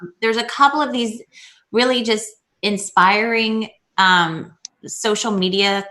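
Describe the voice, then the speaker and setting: A woman on a video call, chatting casually and telling animated stories, acting out what people said. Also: mid-range voice, unhurried. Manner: animated storyteller, acts out quotes. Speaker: guest.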